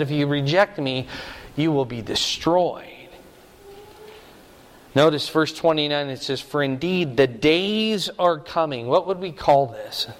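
Slow, earnest preacher in a reverberant hall. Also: male voice, a little high, fairly bright tone. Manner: earnest, emphatic, slows down to stress key words. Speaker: pastor. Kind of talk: sermon.

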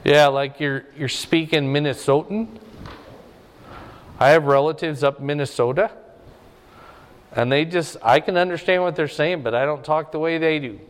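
Middle-aged male preacher, slightly high voice, chatty Bible teaching with questions to the room. long hall reverb. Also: moderate pace, pauses often. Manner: conversational, asks the audience questions. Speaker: pastor.

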